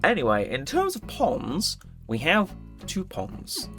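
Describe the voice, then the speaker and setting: A young man casually commenting on his gameplay, chatty and joking, now and then jumping into high-pitched exclamations. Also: huge pitch swings, slow pace, a bit bright. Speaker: gaming channel host. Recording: game music playing behind. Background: game music.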